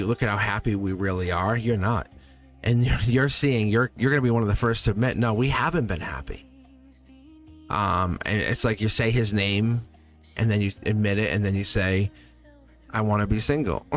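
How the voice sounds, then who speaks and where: Animated, chatty male tarot reader. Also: mid-range voice. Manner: chatty and reassuring, laughs often, acts out quoted lines. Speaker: tarot reader hosting a live stream. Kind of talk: live tarot reading addressed to a viewer.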